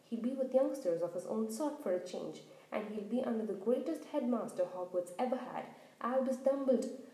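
A woman voicing a big, gruff, kindly male half-giant gamekeeper who talks loudly in a rustic dialect, in a storybook reading. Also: on the high side, animated, normal speed. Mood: angry. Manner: loud, blustering rural dialect. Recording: roomy echo.

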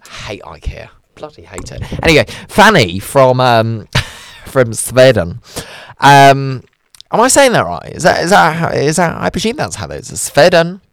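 A man's voice: mid-range voice, very animated, normal speed, no room sound. A man hosting a radio show, chatting casually, ranting and poking fun at himself. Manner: chatty, ranting and self-mocking.

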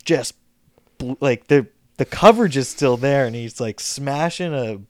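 Male podcast co-host, casual rambling chat, smooth clear voice, dry close sound. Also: mid-range voice, a little slow, a little mellow, no room sound. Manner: loose, rambling, with frequent fillers. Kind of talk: casual chat about a movie.

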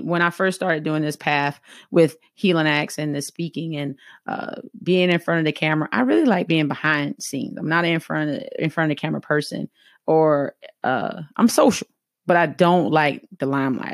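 A woman's voice: sits low, moderate pace, dry recording, studio quality. A middle-aged woman with a Southern US accent giving an earnest, conversational motivational talk to her viewers and voicing her own inner thoughts as she goes. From American South. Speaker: motivational speaker.

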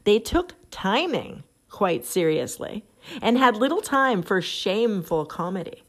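A woman's voice: lowish voice, animated, measured pace, gravelly. A middle-aged woman hosting a podcast, chatting casually and reading an article aloud, often laughing at what she reads. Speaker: podcast host. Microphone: phone app.

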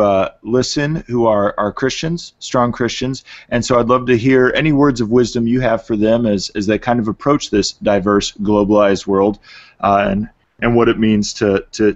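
A man hosting a podcast in easygoing casual conversation. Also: medium pitch. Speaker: podcast host. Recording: dull lo-fi remote audio.

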